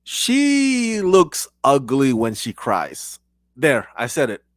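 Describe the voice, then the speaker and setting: A man's voice: mid-range voice, slow pace, dry recording. A man hosting his own channel, reviewing a TV episode in a casual, rambling way, full of restarts. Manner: rambling and animated, with many restarts and bursts of laughter.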